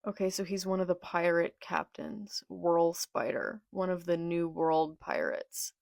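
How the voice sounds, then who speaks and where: A young woman reading a manga aloud and reacting with excitable, exasperated outbursts. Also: lowish voice, unhurried, gravelly, dry recording. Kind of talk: live read-along reaction.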